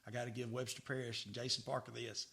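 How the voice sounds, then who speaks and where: A middle-aged man, a podcast guest telling stories in a lively way, repeating words as he goes. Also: mid-range voice, fast, vocal fry. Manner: animated, stammering repeats, acts out dialogue. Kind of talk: casual storytelling.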